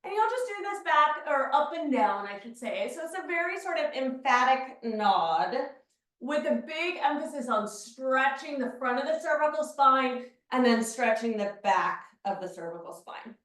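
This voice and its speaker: High-voiced woman guiding a Pilates class. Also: normal speed. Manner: calm step-by-step movement cues. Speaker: Pilates instructor. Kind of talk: guided exercise class. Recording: very echoey room, mic far off.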